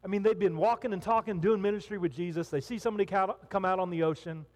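In a hall full of listeners, a male pastor delivers a sermon quickly in a high-pitched voice. He speaks with animation and voices the characters from his story himself.

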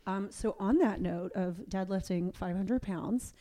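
Chatty woman podcast host, mellow voice. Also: mid-range voice, a little slow. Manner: chatty, animated storytelling with quoted voices. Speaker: powerlifting coach and competitor. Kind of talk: casual interview chat.

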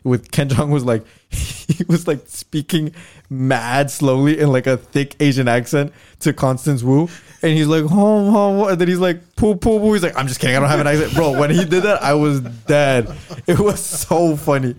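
A man's voice: fairly high pitch, moderate pace, darkish tone. A man, co-hosting a casual podcast chat, rambling and swearing, often repeating and restarting his words. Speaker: podcast co-host.

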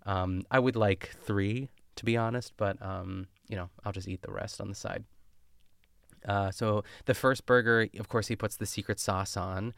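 Gravelly low-voiced man, chatty recap. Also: fairly even intonation, normal speed, fairly bright tone, no room sound, clean studio sound. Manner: chatty and rambling, full of fillers and tangents. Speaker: podcast host recapping a cooking show. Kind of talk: casual chat.

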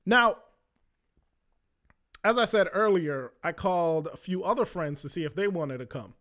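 A young man tells a story from his own life in a loose, conversational style. His voice sits a bit high for a man, and he often stops on filler words. He jumps into the voices of the people in his story as he tells it. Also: expressive, normal speed, fairly bright tone. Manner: conversational, lots of "like" fillers, acts out quoted voices. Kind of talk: casual personal storytelling.

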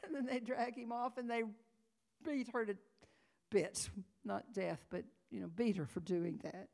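A woman's voice: on the high side, steady tone, unhurried, creaky, a little mellow. Emotional woman preacher telling a story. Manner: dramatic storytelling, dropping to whispers and rising to cries; emotional, near tears. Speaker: conference speaker. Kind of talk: sermon storytelling.

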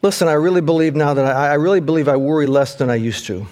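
Preacher guy w a slightly high voice, casual sermon, gets fired up reading the psalms. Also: fast talker. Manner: fervent, climbs high and loud reading scripture aloud; casual, calls listeners "man" and "guys".

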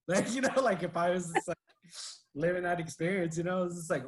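A man's voice: sits high, fast. A man co-hosting a podcast in casual chat, rambling through stories full of "like" and "you know". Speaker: podcast co-host.

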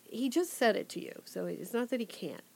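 A woman's voice: a little high, expressive, normal speed, gravelly, darkish tone, breathy edge. Woman giving conversational parenting advice. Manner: conversational, advising, drops into quoted example phrases. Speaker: parenting advisor.

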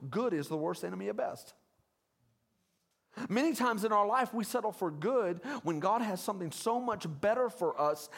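High-voiced pastor preaching with energy. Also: male voice. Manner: energetic call-and-response preaching, urging the congregation to repeat words; conversational and jokey, with casual asides. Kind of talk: sermon.

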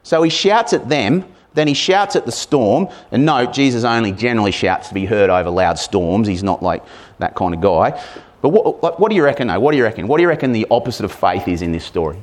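A man's voice: fairly low pitch, expressive, fairly quick. Male preacher, casual sermon delivery, engages the congregation with questions. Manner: conversational, asks the congregation questions; acts out shouted lines with sudden loud bursts.

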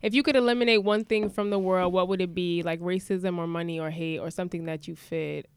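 A young woman co-hosting a casual podcast, telling an animated story and acting out the people in it. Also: lowish voice, a little fast, clean tone. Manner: animated, imitates people in her stories, swears casually. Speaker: podcast co-host.

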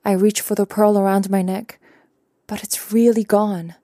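Mellow-voiced woman narrating an audiobook. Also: mid-range voice, steady tone, normal speed, no room sound, clean studio sound. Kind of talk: first-person audiobook narration.

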